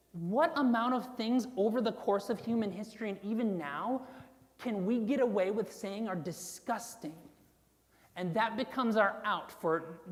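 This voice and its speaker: A woman pastor preaching a sermon in a loose, chatty way, with fillers and asides to the room. Her voice sits at an ordinary pitch and carries a long church reverb. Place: church sanctuary.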